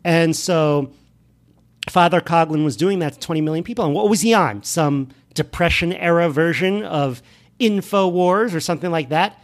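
A man's voice: a little high, moderate pace. Chatty man hosting a podcast. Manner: conversational, frequent fillers and self-corrections. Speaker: podcast host. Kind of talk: solo podcast monologue.

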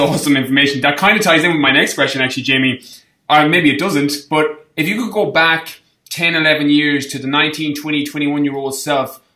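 A man hosts a podcast in a bright, forceful voice, encouraging his guest and asking questions. The sound carries a noticeable room echo. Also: on the high side. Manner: encouraging, with frequent agreeing interjections. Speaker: podcast host. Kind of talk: casual interview chat.

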